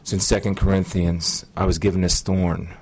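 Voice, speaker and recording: A middle-aged man earnestly recounting a personal testimony in an interview, measured and pausing often. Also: sits low, flat delivery, breathy edge. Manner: earnest, measured storytelling with frequent pauses. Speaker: guest sharing testimony.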